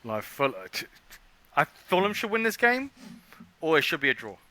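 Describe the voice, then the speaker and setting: A man co-hosting a casual podcast chat, animated and jokey, who swears freely. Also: fairly high pitch, moderate pace. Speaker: podcast co-host.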